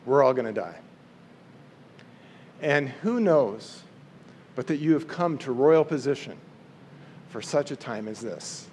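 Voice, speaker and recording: A man's voice: mid-range voice, lively intonation, takes it slowly, pauses often, a little mellow, a little hiss or hum. A man voicing an earnest, urgent elder cousin. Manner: urgent, pleading.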